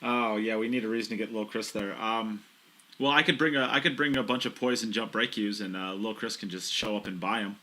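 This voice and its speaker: A man's voice: fairly low pitch, fairly quick, bright, forceful tone. A man co-commentating on a pool match, playful and full of banter. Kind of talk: live sports commentary.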